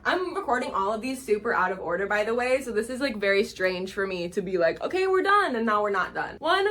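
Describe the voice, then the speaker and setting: A woman's voice: mid-range voice, expressive, fast talker, fairly bright tone. A woman chatting casually as she breaks down a TV episode, gushing and saying "like" a lot. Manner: gushing, chatty, fills talk with "like". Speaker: show reviewer.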